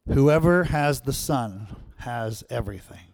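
A man's voice: mid-range voice, animated, measured pace, a little mellow, no echo. Preacher man asking "Amen?" between stories. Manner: rhetorical questions and repeated "Amen?". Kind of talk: sermon with storytelling.

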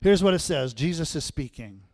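A man's voice: a little high, lively intonation, normal speed, a little mellow, dry recording, studio quality. A male pastor giving a sermon in a conversational way, often checking in with the audience. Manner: conversational, keeps asking the audience "right?".

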